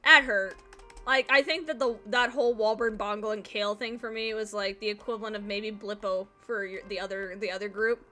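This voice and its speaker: Bright, sleepy woman streamer chatting. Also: medium pitch, fairly quick, faint music behind. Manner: animated, swears casually, laughs often. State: sleepy, yawning. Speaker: game streamer. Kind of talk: casual chat while playing a video game.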